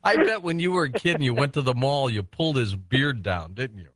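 A man's voice: medium pitch, expressive, brisk, no echo. A man hosting a late-night radio talk show, genial and chatty, laughing easily with his guests.

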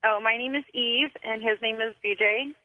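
A woman's voice: on the high side, steady tone, normal speed, no room sound. A woman calling in to a radio show, telling a strange story in a rambling way with many fillers. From California. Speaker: caller. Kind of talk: phone-in storytelling. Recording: tinny phone line.

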